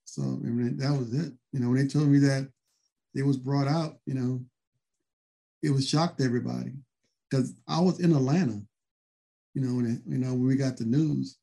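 A man's voice: medium pitch, fairly even intonation, normal speed, creaky, long pauses, mellow. A man, a former wrestler, telling stories casually in an interview, rambling with many fillers.

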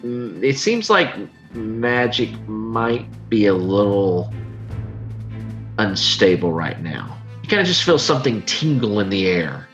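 A man runs a tabletop game, narrating and explaining rules with lots of fillers and restarts. His voice is bright and his pitch moves a lot. The audio is a little dull, with faint music underneath. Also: very animated. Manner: halting, filler-heavy explaining. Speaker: game master.

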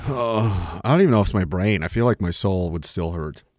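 With soft music in the background, a man hosts a livestream at home, his low, darkish voice animated and a little fast. He rambles, swears a lot, and stops mid-sentence to read chat, in a dry, studio-quality recording.

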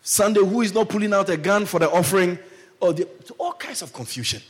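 A man preaching, telling a personal story with lively delivery and acted-out quotes. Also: high-pitched, brisk, breathy edge. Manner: animated storyteller, acts out quoted voices. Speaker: pastor. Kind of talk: sermon storytelling.

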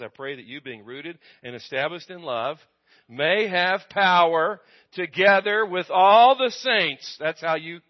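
A man preaching a sermon to his congregation, asking them questions and waiting for answers, his volume rising and dropping. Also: mid-range voice. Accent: American. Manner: call-and-response with congregation, swings loud and soft. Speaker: pastor. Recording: dull lo-fi recording.

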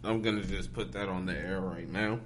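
A man's voice: sits low, steady tone, moderate pace, a little hiss or hum. A man from Ohio hosting a podcast, talking in a laid-back, slangy casual chat style, often asking "you feel me". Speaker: podcast host.

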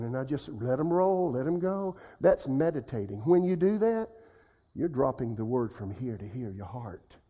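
Husky-voiced older man preaching. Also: medium pitch. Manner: folksy preaching, repeats scripture slowly and softly. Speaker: pastor. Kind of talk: sermon.

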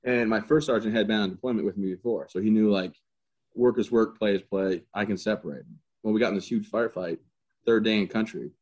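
In a muffled recording, a man with a voice on the low side speaks a little fast. As an interview guest, this army veteran spins casual stories, cracking jokes and animatedly acting out quotes and the sound of guns.

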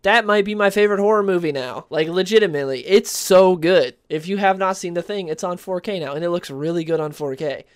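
A man's voice: high-pitched, a little fast, few pauses, clear, resonant tone. Rambling man ranting on a podcast. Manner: rambling, many fillers and restarts, exasperated. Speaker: podcast host. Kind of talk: casual ranting chat.

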